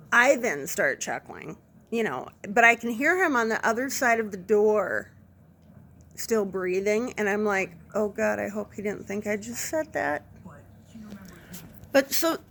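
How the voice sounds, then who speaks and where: A woman nurse casually telling a funny work story to camera, animated and self-deprecating. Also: medium pitch. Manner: animated anecdote, self-deprecating, laughs through it.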